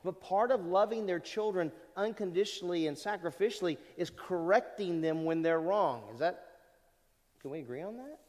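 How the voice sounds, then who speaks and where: A pastor in his fifties preaching a sermon to a congregation, animated and asking the listeners rhetorical questions. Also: high voice, normal speed, long reverb tail. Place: church service in a large hall.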